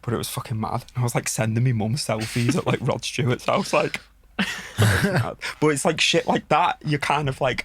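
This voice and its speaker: A man from the Wirral with a Merseyside accent, a podcast guest telling stories in a relaxed, sweary way and often laughing. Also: medium pitch, normal speed, slightly rough. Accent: Merseyside English. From Wirral, England. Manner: laid-back, sweary, laughs through his stories. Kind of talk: casual storytelling chat.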